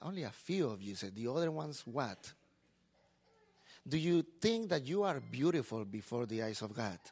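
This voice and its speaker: A middle-aged man, a pastor preaching a sermon in a lively, talkative way. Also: medium pitch, moderate pace, slightly rough.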